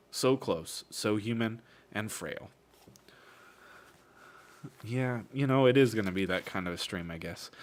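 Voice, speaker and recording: Low-ish guy reading a novel on stream, wry, cusses and jokes between bits. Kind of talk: casual book reading with asides.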